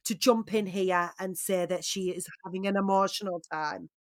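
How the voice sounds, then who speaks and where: A woman co-hosting a podcast, chatting casually in a recap, swinging between loud exclaims and quiet asides. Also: lowish voice, fairly even intonation, moderate pace, dry recording, clean studio sound. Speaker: podcast co-host.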